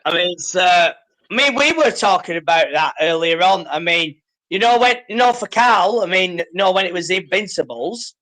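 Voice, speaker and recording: A man's voice: high voice, animated, moderate pace, sharp tone, poor audio. A man with a Manchester accent hosting a casual football stream, hesitant and full of fillers. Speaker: stream host. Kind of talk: casual chat.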